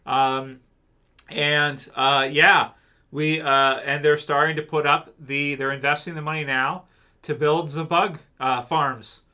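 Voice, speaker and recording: A man hosting a live stream, chatting casually in a rambling, halting way with fillers and restarts. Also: a little high, little pitch movement, bright, forceful tone.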